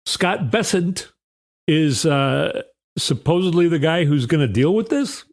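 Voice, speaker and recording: A man's voice: on the high side, animated, measured pace. A man hosting a political commentary show, sarcastic and often sighing. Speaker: host.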